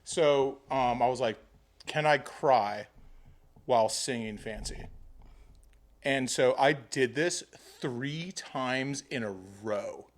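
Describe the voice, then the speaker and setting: A man's voice: medium pitch, slow. A man hosting a casual podcast chat, telling rambling stories with plenty of swearing. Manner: rambling, profane storytelling. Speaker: podcast host.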